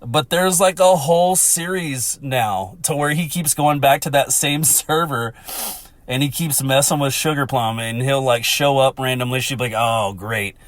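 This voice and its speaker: A man hosting a casual solo podcast, swearing often and laughing as he tells a story, with sudden shouted impressions. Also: mid-range voice, normal speed, no room sound. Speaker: podcast host.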